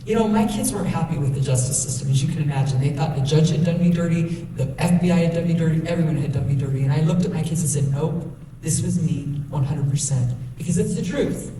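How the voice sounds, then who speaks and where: A woman's voice: sits low, fast talker, hardly any pauses. Earnest woman speaker in an echoey hall. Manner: earnest, emotional storytelling. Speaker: guest speaker. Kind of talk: motivational talk to youth. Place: school hall. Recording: echoey hall from far off, noisy.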